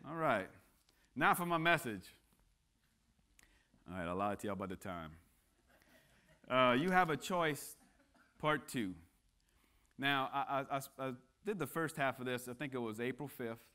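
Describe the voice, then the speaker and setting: A man's voice: mid-range voice, expressive, normal speed, long pauses, bright, forceful tone. A man speaking as a guest at church, preaching a casual sermon that mixes jokes with earnest appeals and frequent restarts. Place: church sanctuary.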